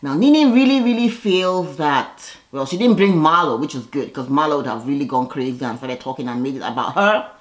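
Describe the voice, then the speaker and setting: A woman with a slightly low voice talking through a reality show episode in a loose recap. She is blunt and sassy, throwing out sharp opinions on the cast in an animated way. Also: a little fast. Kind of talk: casual recap commentary.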